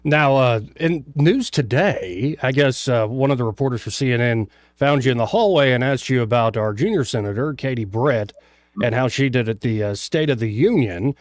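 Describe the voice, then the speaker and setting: A man's voice: mid-range voice, lively intonation, moderate pace, no echo. A man hosting a talk radio show, asking questions in a conversational, easygoing way. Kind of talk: casual radio interview.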